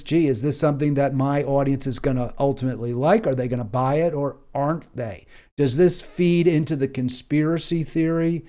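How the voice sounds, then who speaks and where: A man with an American accent hosts a solo political commentary show, speaking impassioned with emphatic repetition and frequent fillers and restarts. His voice is on the high side and dark in tone.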